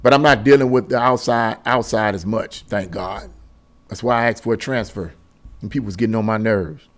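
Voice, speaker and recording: A man's voice: lowish voice, brisk. A man giving a casual opinion monologue to his viewers, exasperated and preachy, repeating himself and laughing between points. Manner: laughs mid-sentence. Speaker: political commentary vlogger.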